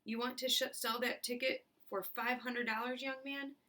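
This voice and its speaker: A woman voicing a pushy, indignant woman in a crowd, shouting in a storybook reading. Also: fairly high pitch, steady tone, moderate pace, distant mic, pitched above the performer's own voice.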